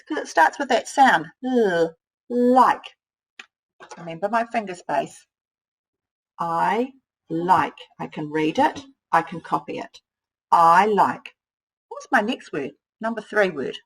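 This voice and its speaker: A woman teacher, slowly sounding out words and thinking aloud as she models writing for young children. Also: medium pitch, very animated, breathy edge, rough recording. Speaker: primary school teacher.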